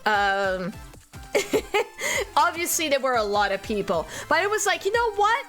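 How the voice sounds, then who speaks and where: A woman's voice: medium pitch, very animated, a little slow, a bit bright, soft background music. A young woman from France, a native French speaker, chatting casually with her stream viewers, laughing often and swearing as she talks. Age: young adult.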